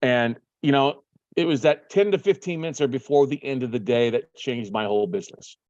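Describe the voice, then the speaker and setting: A man's voice: medium pitch, a little fast, a little mellow, dry recording, lo-fi sound. A man hosting a show, telling a story casually and acting out his own phone calls. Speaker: podcast host.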